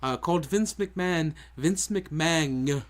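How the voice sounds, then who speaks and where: A man's voice: on the high side, slow, slight background noise. A man co-hosting a casual podcast chat, talking with dry, wry humor. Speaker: podcast co-host.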